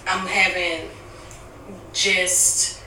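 A woman's voice: lowish voice, flat delivery, drawn-out words, noisy background. A tired woman in a family conversation, talking reflectively and searching for her words. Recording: echoey room, mic at a distance.

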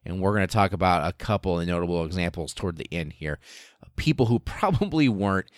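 Deep-voiced man telling a story with heavy swearing. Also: a little fast, no room sound, studio quality. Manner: profane, animated, comedic. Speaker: podcast host. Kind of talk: casual storytelling monologue.

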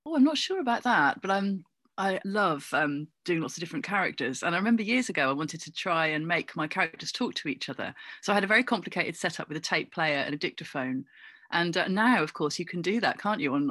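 A middle-aged woman from England, chatting as a guest in an interview, animated and full of asides and fillers. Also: on the low side, fast talker, dry recording. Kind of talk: casual interview chat.

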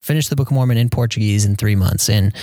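A young man talking casually as an interview guest about his mission, hesitant, with many pauses and fillers. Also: lowish voice, no echo. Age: young adult. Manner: soft-spoken, hesitant with many ums, quotes people in a raised voice.

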